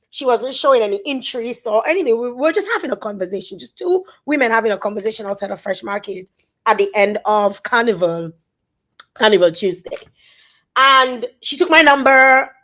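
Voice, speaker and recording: A woman with a Dominican accent, talking on a phone live stream. She speaks haltingly and repeats words as she tries to stay composed. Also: on the high side, a bit bright. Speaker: social media influencer. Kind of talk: emotional live-stream monologue.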